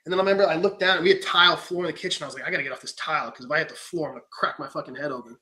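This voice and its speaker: Brief: young man, higher voice, rapid-fire animated storyteller with a foul mouth. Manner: animated storyteller, swears freely, acts out quotes. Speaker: podcast host. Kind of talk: casual chat.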